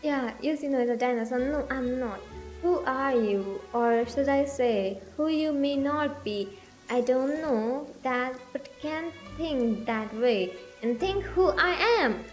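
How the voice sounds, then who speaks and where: A young woman from India rambles cheerfully to her chat while streaming a game. Her voice sits high and her pace is slow and easy. Soft background music plays under her talk. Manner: bubbly, rambling, chats with viewers. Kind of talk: casual livestream chat. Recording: music playing behind.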